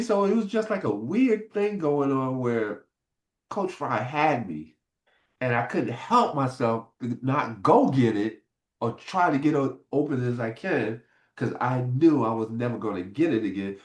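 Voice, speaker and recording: A man's voice: medium pitch, a little slow. A man in his sixties, a former pro football player, telling stories in an interview and acting out old conversations. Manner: animated, acts out old conversations. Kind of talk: casual interview storytelling.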